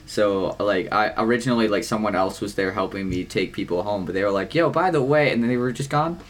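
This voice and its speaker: A teenage boy co-hosting a podcast, rambling through his week in casual chat, swearing often and filling pauses with "um" and "like.". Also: fairly low pitch. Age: teens. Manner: rambling, swears a lot, many fillers. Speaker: podcast co-host.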